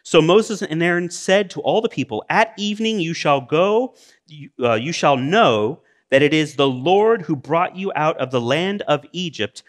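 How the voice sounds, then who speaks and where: A middle-aged male pastor preaching a sermon, reading scripture aloud and breaking into plain conversational asides, swinging between loud exclamations and quiet, low remarks. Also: expressive, measured pace.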